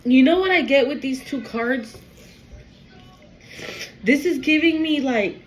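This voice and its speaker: A woman's voice: high voice, slow pace, pauses often, a little hiss or hum, poor audio. A woman doing a casual spiritual tarot reading, emotional and swearing freely as she talks straight to the viewer. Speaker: tarot reader.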